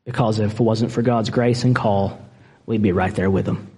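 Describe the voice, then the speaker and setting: A man's voice: lowish voice, fairly even intonation, moderate pace, darkish tone. A man preaching a sermon as a pastor, earnest and impassioned, at times moved near tears. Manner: earnest and impassioned, growing emotional. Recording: long reverb of a large hall.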